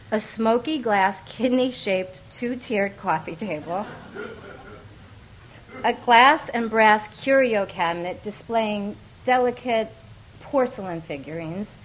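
A woman reading a memoir aloud, with a wry, expressive delivery that often breaks into laughter. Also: mid-range voice, a little hiss or hum, poor audio. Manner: wry and expressive, often laughing through lines, acts out quoted voices. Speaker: audiobook narrator. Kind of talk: memoir narration.

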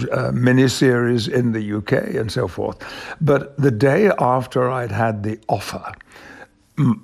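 An older man from Yorkshire, an actor telling stories in an interview in a measured, articulate way with chuckles. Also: medium pitch, creaky, slightly rough. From England, Yorkshire. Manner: measured, articulate, laughs through anecdotes. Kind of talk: reflective storytelling.

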